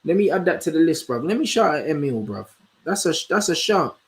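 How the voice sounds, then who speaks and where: Slangy young man, slightly high voice. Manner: slangy, animated, answers chat with quick asides. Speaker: host. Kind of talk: casual livestream chat.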